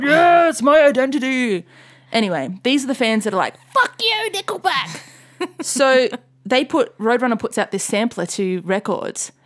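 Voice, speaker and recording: Chatty woman telling a story. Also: medium pitch. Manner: storytelling, loose and swear-heavy, mimics angry fans in loud outbursts. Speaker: podcast co-host. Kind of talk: casual chat.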